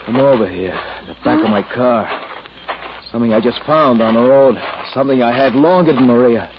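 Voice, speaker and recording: A man's voice: mid-range voice, a little fast, lo-fi sound, lightly acted. A man playing a hot-tempered ex-convict farmer who talks curtly and bullies, in 1940s radio acting on a noisy old radio recording. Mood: defensive. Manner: curt, bullying.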